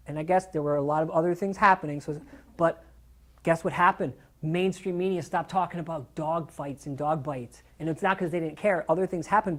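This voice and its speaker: Man, middle-aged, dog trainer, live seminar talk, casual, animated, acts out voices, swears for emphasis. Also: high voice.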